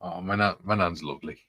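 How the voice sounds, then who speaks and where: A man's voice: low voice, a bit bright, husky, dry recording. A man casually rambling through anecdotes and reading chat on a live stream, chuckling often, in a room with the curtains closed.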